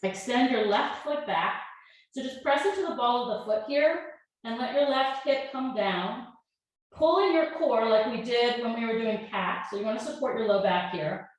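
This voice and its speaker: A woman yoga teacher calmly talking a class through breaths and poses, with gentle step-by-step cues. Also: on the high side, normal speed. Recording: very echoey room.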